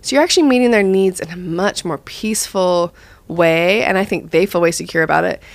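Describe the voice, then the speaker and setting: A young woman and mother chatting casually about parenting, acting out her own lines in a higher voice. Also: brisk, no echo. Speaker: mother sharing parenting advice. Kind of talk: casual podcast chat.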